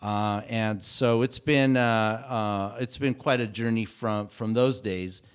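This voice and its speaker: A man of Mexican heritage, a guest on a casual podcast interview, telling stories in a halting way with many restarts. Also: fairly low pitch, steady tone, clear, resonant tone. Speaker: guest, cultural consultant for an animated show.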